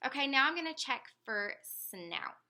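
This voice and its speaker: Woman, examiner, very bright voice, slightly high, calm step-by-step clinical instructions. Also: normal speed. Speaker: speech examiner. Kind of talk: clinical motor speech exam.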